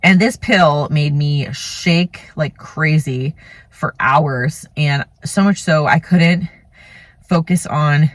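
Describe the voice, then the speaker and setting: A woman's voice: deep voice, slow pace, dry recording. A woman in her thirties casually telling a personal story, chatty and rambling, full of "like" and "you know.". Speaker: vlogger, mother telling a birth story.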